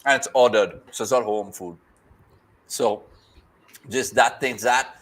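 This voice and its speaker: Man, casual watchalong host on a video call, mid-pitched, breezy banter, reads the chat. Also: a bit bright, low-quality recording. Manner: upbeat, rapid banter, reads viewer comments aloud. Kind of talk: casual cricket commentary and chat-reading. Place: home, remote video call.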